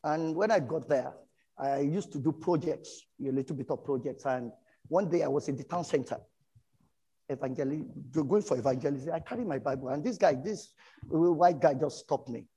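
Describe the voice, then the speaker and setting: A middle-aged man from Nigeria with a Nigerian English accent, preaching a sermon and telling stories from his own life, animated and breaking into shouts. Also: on the high side, moderate pace, slightly rough, low-quality recording. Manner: animated storytelling, bursts into shouts. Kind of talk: sermon with personal testimony.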